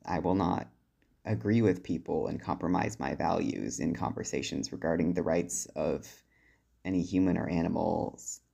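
A man with a deep voice leaving a firm, deliberate voicemail for a podcast. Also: gravelly, dark tone, breathy edge. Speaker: voicemail caller. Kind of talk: recorded voicemail monologue.

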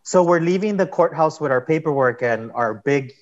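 A man's voice: on the high side, expressive, normal speed. Rambling man, muffled sound. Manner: rambling, heavy use of "like". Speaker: interview guest. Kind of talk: casual storytelling.

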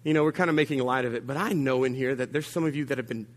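A male pastor preaching a sermon, telling humorous stories with sudden jumps in pitch and loudness and calling out to the congregation. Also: rapid-fire. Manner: humorous, animated storytelling with big swings of pitch and volume; addresses the congregation directly with call-outs.

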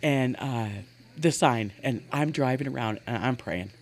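A woman's voice: extremely low pitch, a little slow. A woman in her forties from Montana tells personal stories as a podcast guest. She speaks earnestly and with animation, often breaking into laughter. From Montana, USA. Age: 40s. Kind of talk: casual storytelling in an interview.

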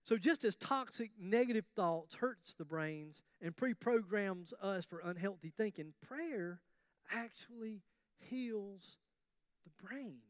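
Pastor guy preaching, high voice, jokey and chatty, dry close sound. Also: slow pace, no echo. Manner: animated, joking, conversational preaching. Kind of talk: sermon.

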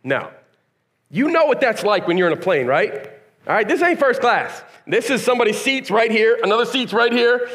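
With a very high-pitched, fairly bright voice, a male pastor speaks animatedly at normal speed. His sermon is loose and conversational, full of slang and rhetorical questions for the congregation, and he plays out quoted dialogue as he tells stories.

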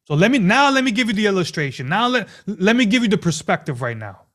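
A pastor delivers a lively sermon in a notably high voice. He leans on rhetorical questions and repeats phrases for emphasis as he preaches. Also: fast talker.

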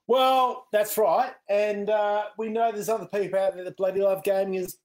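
A man's voice: high-pitched, fairly even intonation. A man in his thirties with an Australian accent, co-hosting a casual gaming podcast with jokey, laughing replies. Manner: jokey, quick to laugh, short agreeing replies. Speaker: podcast co-host. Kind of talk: casual streamed podcast chat.

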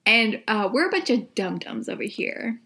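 A woman's voice: a little high, sing-song, moderate pace, bright, forceful tone, slightly rough. A young adult woman co-hosting a podcast, chatting casually with many "like" and "um" fillers. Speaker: podcast co-host.

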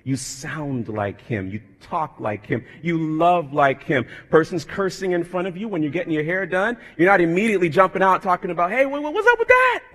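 A man's voice: on the high side, normal speed, few pauses, fairly bright tone. Man preaching in a reverberant church. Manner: builds from conversational to fervent, bellowing emphasis. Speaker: pastor. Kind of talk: sermon. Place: church sanctuary.

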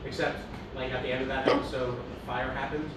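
A young man chatting casually with his siblings, an animated storyteller who retells scenes with laughter. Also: mid-range voice, fairly quick. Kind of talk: casual chat. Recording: echoey room with background noise.

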